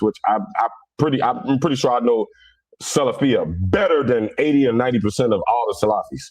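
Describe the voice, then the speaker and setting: A middle-aged man from Cincinnati talks. He speaks bluntly and with a lot of energy, and his voice sits at an ordinary male pitch. His delivery is rough around the edges. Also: brisk, no room sound. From Cincinnati, USA. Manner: blunt, animated, rough-edged. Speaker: livestream host. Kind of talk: casual livestream talk.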